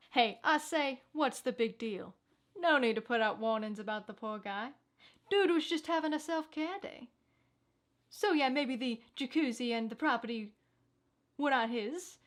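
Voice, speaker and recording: A woman's voice: fairly high pitch, lively intonation, unhurried. A woman hosting a satirical news sketch, moving from a theatrical newsreader delivery into playful, chatty asides. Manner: playful, chatty asides between read-out stories. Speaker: comedic news anchor.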